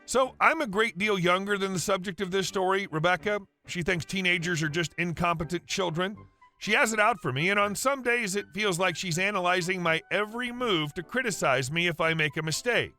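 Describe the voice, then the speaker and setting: A man with a high, bright voice reads stories aloud in a brisk, even, scripted way. Soft music sits faintly beneath him. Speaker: narrator of reddit stories. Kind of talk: scripted story narration.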